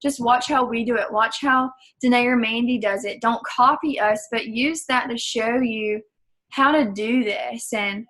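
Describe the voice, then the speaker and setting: A woman's voice: fairly high pitch, measured pace, a bit bright. A young woman from Georgia, a fitness coach talking her team through tips on a call, chatty and emphatic, acting out sample messages.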